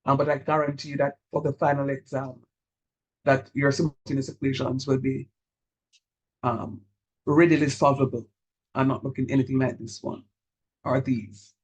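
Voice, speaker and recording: A man teaching a calculus class, encouraging his students and repeating key steps slowly so they follow. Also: mid-range voice, little pitch movement, husky, muffled recording. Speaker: calculus lecturer. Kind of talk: online math lecture.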